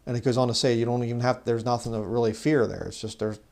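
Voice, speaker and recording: A man giving an informal bible teaching, talking conversationally and growing louder when he reads scripture. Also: mid-range voice, fairly even intonation, fast talker, creaky. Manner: conversational, rises loud when reading scripture; mocks legalists in put-on voices. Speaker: preacher.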